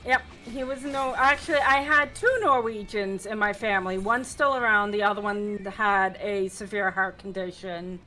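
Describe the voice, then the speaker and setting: A woman's voice: medium pitch, steady tone, moderate pace, few pauses, pushed and bright, soft background music, low-quality recording. An older woman chatting casually while gaming with her son, chatty and teasing. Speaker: guest player.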